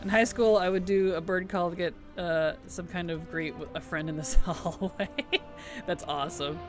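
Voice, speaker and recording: A man streaming a video game, chatting in a playful, giggly and animated way. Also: sits high, normal speed, over music. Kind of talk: casual gaming stream chat.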